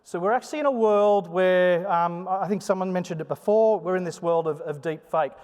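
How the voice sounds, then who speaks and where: A man's voice: high voice, brisk, smooth. Sing-song man presenting in a hall. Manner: chatty, joking, animated delivery. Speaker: conference presenter. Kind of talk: live conference talk with demo. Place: conference hall. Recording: long hall reverb.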